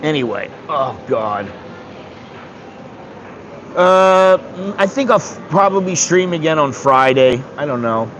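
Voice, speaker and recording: A man's voice: on the high side, animated, slow pace, long pauses, noisy background. A man in his sixties from the United States, rambling bluntly and with some swearing in a casual livestream chat. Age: 60s. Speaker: streamer.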